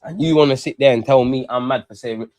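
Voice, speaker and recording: A man hosting a live football watch-along, ranting excitably and swearing freely into a close mic. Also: medium pitch, fast talker, no room sound.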